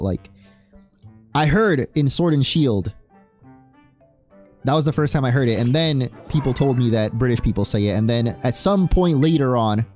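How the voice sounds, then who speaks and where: A man's voice: medium pitch, darkish tone. A young man from Spain giving casual, jokey commentary on his video game playthrough and cheering at the screen. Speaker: streamer playing a game. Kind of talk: casual let's play commentary.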